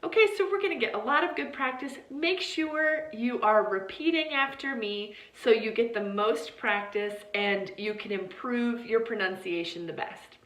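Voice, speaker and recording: A woman teaching English pronunciation, leading repeat-after-me drills of paired words in a slow, deliberate way and often checking in with "okay?". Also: a little high, a bit bright. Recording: roomy, echoey sound.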